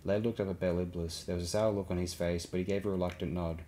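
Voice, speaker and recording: A man reads an audiobook aloud in a deep, low voice. His narration is steady and even, with a faint hiss in the background. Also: fast. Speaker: audiobook reader.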